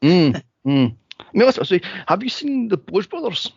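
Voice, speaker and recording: A man co-hosting a casual movie podcast, telling stories and acting out scenes with sudden high squeals. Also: moderate pace, gravelly, husky, no room sound, lo-fi sound. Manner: animated storyteller, acts out scenes in high squeals. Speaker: podcast co-host.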